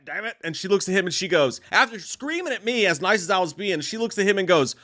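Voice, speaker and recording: A man's voice: high voice, animated, quick pace, few pauses, sharp tone. A man co-hosting a podcast, telling a story in casual chat, swearing often and laughing as he goes. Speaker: podcast co-host.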